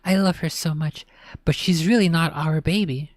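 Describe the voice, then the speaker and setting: A woman's voice: low-pitched, normal speed, a little mellow, dry recording, clean studio sound, natural voice. A woman voicing an upset mother in a storybook reading, scolding her son and later speaking through tears. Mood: tearful. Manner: scolding, then tearful. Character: upset, stern mother of a young boy.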